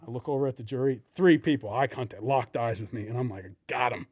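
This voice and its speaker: Podcast co-host, man, profane animated storyteller; dry close sound. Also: mid-range voice, fast, no room sound. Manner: profane storytelling, acts out quotes. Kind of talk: casual podcast chat.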